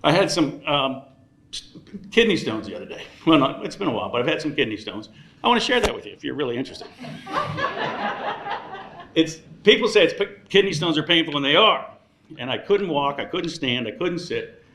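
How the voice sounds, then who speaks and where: A man in his sixties works the room at a dinner, trading jokes and thank-yous with a bright, lifted voice. His words bounce around a large echoey banquet hall with faint room noise underneath. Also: a little high, very animated, brisk, pauses often. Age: 60s. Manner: wisecracking, teasing the audience. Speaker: dinner emcee. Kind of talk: joking dinner speech.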